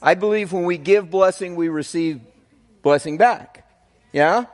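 Pastor with a higher voice in a hall. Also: male voice, a little slow. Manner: energetic, leads the congregation, fervent when praying. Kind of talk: sermon and prayer. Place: church hall. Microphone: handheld microphone. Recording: reverberant church hall.

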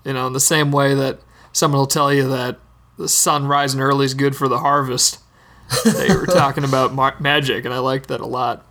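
A man's voice: mid-range voice, level tone, fairly quick, sharp tone. A man co-hosting a podcast, chatting casually and slipping into playful jokes. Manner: jokey, wordplay-prone. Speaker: podcast co-host. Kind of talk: casual chat.

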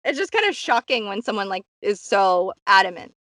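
A chatty woman talks through a show recap at an easy, middling pitch. She piles on fillers as she goes. Her voice sounds dry and close, with no room around it. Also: big pitch swings, fairly quick, a bit bright, no echo. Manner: chatty, many "like" fillers, acts out quotes. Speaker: podcast host recapping a reality show. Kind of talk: casual chat.

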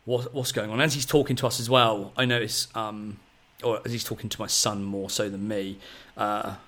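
A man in his thirties, a podcast host telling a long story in a rambling, excitable way, full of fillers. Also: fairly low pitch, normal speed. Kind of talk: casual storytelling chat.

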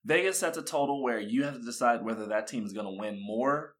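A man's voice: medium pitch, a little fast. A young man co-hosting a podcast, chatting casually, laughing often and restarting his sentences. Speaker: podcast co-host.

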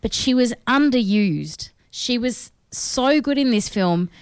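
A woman's voice: a little high, expressive, takes it slowly, clean tone, no room sound, studio quality. An Australian woman co-hosting a film review show, talking casually and with strong opinions, using lots of fillers. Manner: chatty, opinionated, with frequent fillers. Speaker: film review podcast co-host.

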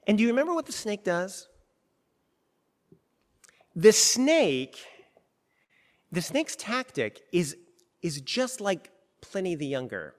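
A male preacher with a fairly high voice delivers a sermon in an animated, conversational way. His pitch swings widely as he restarts and rephrases often. A long reverb trails his voice through the large hall.

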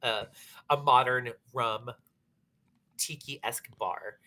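A woman's voice: a bass voice, takes it slowly. A woman from Pittsburgh, a bar manager, telling stories casually in an interview with lots of fillers and acted-out quotes. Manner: animated, acts out quoted dialogue, many fillers.

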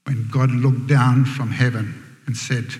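A man preaches a sermon through a dramatic story, often falling to a hushed whisper. His middle-pitched voice rings out into a large hall. A long reverb trails after each phrase. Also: fairly even intonation, slow.

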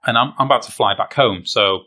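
A fast-talking British man with a mid-range voice, here as a guest and fencer, shares a funny story in casual conversation. His telling is animated and self-deprecating, laced with British slang.

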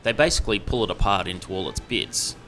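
Deep-voiced Australian man, bright tone. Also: fast, slight background noise. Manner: relaxed, rambling, lots of fillers. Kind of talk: casual chat.

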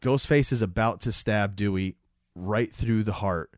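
A man co-hosting a casual talk show, retelling a film scene by scene with lots of fillers and quick acted-out lines. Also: fairly low pitch, no echo, clean studio sound. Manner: animated retelling, acts out lines, many fillers. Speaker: podcast co-host recapping a movie. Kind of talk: casual chat.

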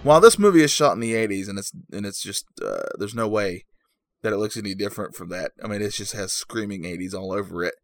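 A man giving a mock-serious comedic movie review in a deadpan, rambling, mock-earnest way. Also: on the low side, quick pace.

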